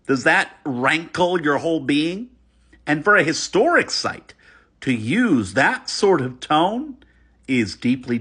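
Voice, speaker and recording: A man giving a response commentary, animated and emphatic, critical and earnest, sometimes restarting his words. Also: on the high side, breathy edge. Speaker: video commentator.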